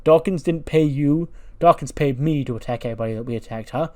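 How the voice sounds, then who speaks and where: A man voicing a brash, boastful male wrestling faction leader in a loud, fast rush. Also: fairly high pitch, lightly acted.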